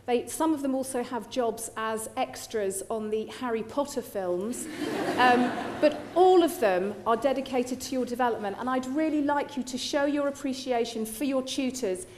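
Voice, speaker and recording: A woman's voice: high-pitched, moderate pace, slight background noise. A middle-aged woman, a university chancellor giving a playful, joking graduation address through a lectern microphone in a large hall. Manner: playful, joking, warm to the audience.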